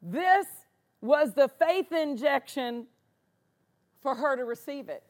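Slow, high-voiced woman preaching emphatically. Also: animated. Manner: emphatic, repeats words for stress. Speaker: pastor. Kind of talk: sermon.

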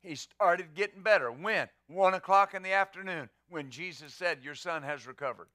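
A man's voice: high voice, normal speed, pushed and bright, dry recording. A man pastor preaching a sermon, emphatic, asking rhetorical questions and answering them.

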